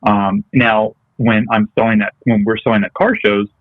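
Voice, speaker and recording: A man's voice: on the low side, flat delivery, normal speed, no room sound. A man giving an interview as a guest in casual chat, talking hesitantly with frequent ums and restarts. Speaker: interview guest, detailing business owner. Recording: tinny, phone-like remote call audio.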